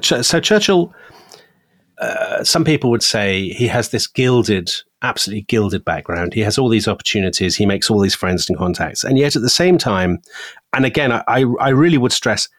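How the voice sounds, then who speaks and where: Man, history chat host, animated storyteller, low voice, dry recording. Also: normal speed, no room sound. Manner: lively storytelling, chuckles often. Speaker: podcast co-host. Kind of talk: history discussion.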